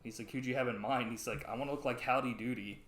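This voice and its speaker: A man in a casual podcast chat, retelling comedy sketches in a rambling, animated way. His voice sits at a middling pitch. The room around him is echoey. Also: fast talker. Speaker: podcast co-host. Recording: roomy echo.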